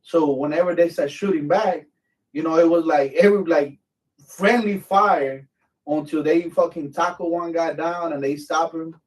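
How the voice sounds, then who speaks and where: A man's voice: fairly high pitch, darkish tone, far from the mic, rough recording. A man, a veteran hosting his channel, telling a war story in a rambling, profane way full of fillers. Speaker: veteran host. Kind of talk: casual storytelling.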